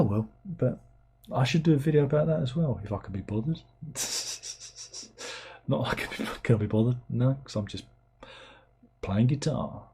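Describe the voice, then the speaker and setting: A man's voice: medium pitch, dark tone, husky. A middle-aged man, hosting a livestream in casual chat. He rambles and mocks himself as he reads out viewers' comments. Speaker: livestream host.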